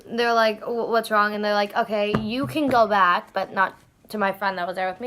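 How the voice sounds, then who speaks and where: A woman's voice: mid-range voice, fairly quick, noisy background. A teenage girl telling a story to her vlog in casual chat, rambling and acting out what everyone said. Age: teens. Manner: rambling, animated retelling with many "I'm like" quotes. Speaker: vlogger.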